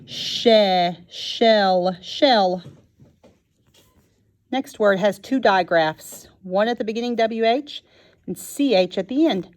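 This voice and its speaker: A woman teaching a phonics lesson to young children, sounding out each word slowly and clearly. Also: medium pitch. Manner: slow and clear, sounding out words.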